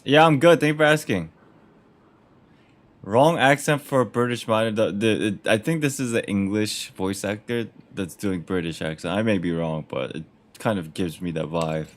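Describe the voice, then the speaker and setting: A man's voice: on the low side, normal speed. A man doing casual gameplay commentary as a streamer, chatty, joking and reacting aloud. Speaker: gaming streamer.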